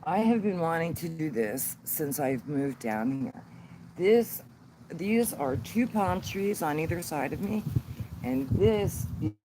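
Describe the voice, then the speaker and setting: A man hosting a casual livestream outdoors on his phone, rambling and halting as he fumbles with the settings. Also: a little high, animated. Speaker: channel host on sobriety. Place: outdoors in a sunny yard. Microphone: phone held by the speaker. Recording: outdoor phone stream with road noise.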